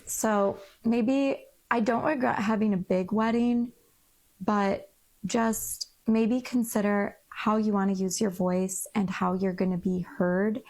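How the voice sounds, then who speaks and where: A woman's voice: mid-range voice, darkish tone. A young woman telling a candid vlog story in a frank, rambling, exasperated way. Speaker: vlogger.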